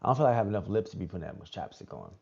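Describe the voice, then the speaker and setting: A man's voice: deep voice, very animated, racing, gravelly, a little mellow, slightly rough, highs cut off. A man hosting a casual livestream, chatting with viewers in a laid-back, slangy way and reading Bible passages aloud.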